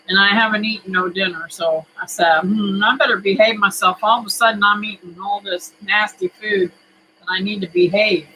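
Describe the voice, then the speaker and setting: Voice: mid-range voice, pushed and bright, a little hiss or hum, poor audio. A homesteading vlogger chatting casually to camera in a home kitchen, folksy and rambling, with many fillers.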